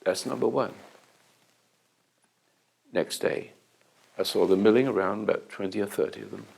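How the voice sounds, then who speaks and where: An older man acting as a self-help teacher, telling an anecdotal story to an audience in a halting way, with restarts, and acting out the dialogue. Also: lowish voice, vocal fry, a little mellow, slightly rough, poor audio.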